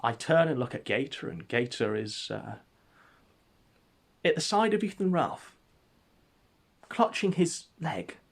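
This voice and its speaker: A man telling an absurd story as comedic narration, in a deadpan, mock-epic way. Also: mid-range voice, unhurried, gravelly, pauses often, breathy edge.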